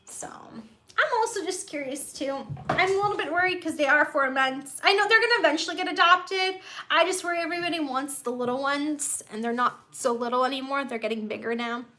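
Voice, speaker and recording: A young woman hosts a casual live stream from her bedroom, her voice high and bright. She rambles in a chatty, bubbly way and greets viewers as she reads their comments aloud. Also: a little fast, slight background noise. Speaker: livestream host.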